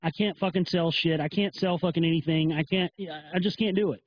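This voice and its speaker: A man's voice: on the high side, steady tone, brisk, a little hiss or hum. A man hosting a profane livestream, rambling and swearing a lot, over dull lo-fi stream audio. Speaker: host.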